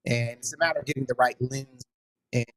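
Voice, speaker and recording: A man's voice: medium pitch, steady tone, a little fast, a bit bright. A man guesting on a casual video call from his upstairs home office, speaking into a studio condenser mic, enthusiastic and slangy. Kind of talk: casual video-call chat about gear.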